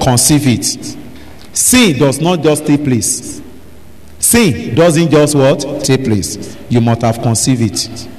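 A man preaching a sermon, asking the congregation to finish his sentences and breaking into sudden shouts. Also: fairly high pitch. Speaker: pastor. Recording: long hall reverb, faint noise.

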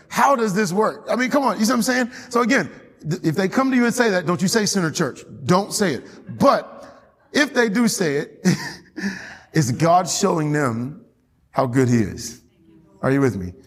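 A pastor delivers his sermon with a husky, slightly high voice. He preaches animatedly, laughing between points and climbing in pitch to drive them home. The sound rings out in a church hall with a long tail of reverb. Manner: animated preaching with frequent laughs and rising emphasis. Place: church sanctuary.

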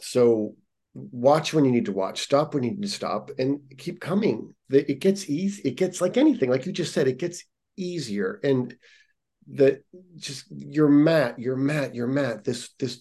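Guy who teaches yoga, earnest and encouraging, repeats stuff for emphasis, podcast chat. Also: medium pitch. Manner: earnest, encouraging, warm-hearted coaching tone, repeats phrases for emphasis. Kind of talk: casual podcast conversation.

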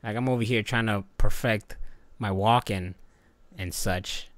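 A man hosting a casual chat, laughing easily and trailing off quietly at the ends of thoughts. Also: fairly low pitch, fairly even intonation, a little slow, dry recording.

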